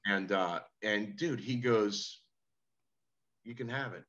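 A man's voice: lowish voice, slow, dull audio, noisy background. A man who is a musician, guest on a podcast, telling laid-back anecdotes and quoting what people said. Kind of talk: casual interview storytelling.

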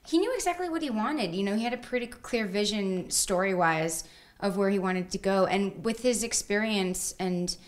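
A woman's voice: medium pitch, animated, moderate pace. A woman, an actress guest, chatting casually in an interview and telling stories with giggles.

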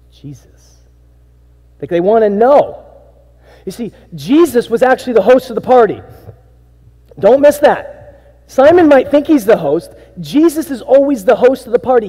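A man preaching a sermon as pastor, swinging between hushed, intimate lines and emphatic bursts. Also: sits high. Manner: animated preaching, drops to hushed tones and rises to emphatic bursts. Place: church sanctuary. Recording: sanctuary with long reverb.

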